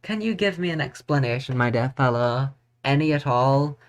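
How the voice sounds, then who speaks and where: A streamer reading game dialogue and putting on a flustered, posh British-style gentleman with an exaggerated drawl. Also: mid-range voice, expressive, moderate pace, close to an everyday voice. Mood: bewildered. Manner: exaggerated posh drawl, repeats "my dear fellow".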